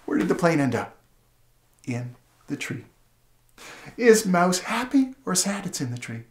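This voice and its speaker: A man demonstrating how to read a picture book aloud to a child, playful and animated, asking many questions and gasping and laughing in surprise. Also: fairly high pitch, normal speed, long pauses. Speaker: literacy educator. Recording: roomy echo.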